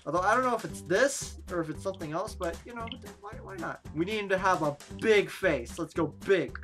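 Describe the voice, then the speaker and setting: Animated, playful woman gamer. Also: on the low side, fairly quick, faint music behind. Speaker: let's play gamer. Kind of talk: casual gameplay commentary.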